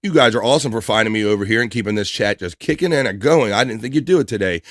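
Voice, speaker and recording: A man's voice: on the low side, animated, rapid-fire, few pauses. Profane, hyped-up male stream host. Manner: loose, profane, hyped banter. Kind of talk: casual chat reading out live chat.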